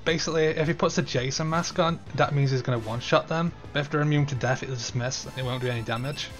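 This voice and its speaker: A man playing through a game on stream, chatting casually and reacting out loud to the game. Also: medium pitch, quick pace, soft background music. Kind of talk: let's-play commentary.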